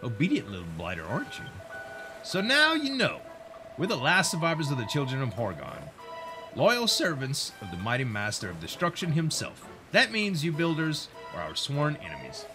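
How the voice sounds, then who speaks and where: A man's voice: fairly high pitch, wildly swooping pitch, moderate pace, music in the background. A man voicing a mocking skeleton pirate crewman who taunts a captive. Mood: sneering.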